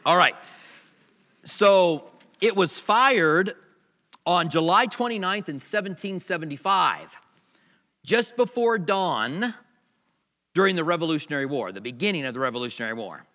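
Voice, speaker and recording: Bright-voiced preacher in a reverberant hall. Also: male voice, fairly high pitch, animated, normal speed, pauses often. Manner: repeats words and restarts often. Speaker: pastor. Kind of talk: sermon.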